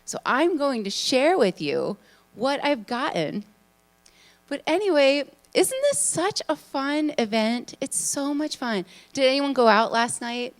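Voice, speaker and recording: Woman, bubbly, chatty, lively intonation, live talk. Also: high voice, a little slow. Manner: bubbly, excitable, chatty with many fillers. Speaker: conference speaker, hypnotist. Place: event room in front of an audience.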